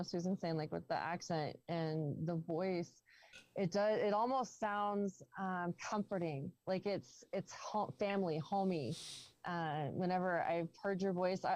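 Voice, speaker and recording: Woman from the US South, lowish pitch, muffled dry call audio, meandering casual storyteller. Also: measured pace, a little mellow, no echo. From southern United States. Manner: rambling, self-correcting storytelling. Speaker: roundtable guest. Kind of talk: casual video-call chat.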